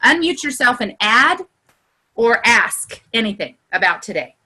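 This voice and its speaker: A woman leading a video-call coaching session, excitable and earnest, her voice climbing high when she gets excited. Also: a little slow, slightly rough. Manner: earnest and encouraging, building to heartfelt pep talk. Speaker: group leader.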